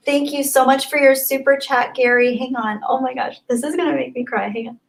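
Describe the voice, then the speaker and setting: A woman's voice: sits high, steady tone, brisk, gravelly, low-quality recording. A young woman hosting a livestream, reading chat messages in a bubbly, effusive way and often laughing. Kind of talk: casual live-stream chat.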